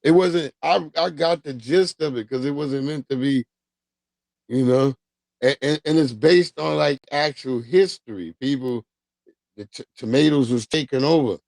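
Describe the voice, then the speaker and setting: A man's voice: mid-range voice, unhurried, gravelly, a little mellow, dry recording. A man hosting a livestream, chatting casually with viewers in a rambling, profane way and drifting off on tangents. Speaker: livestream host.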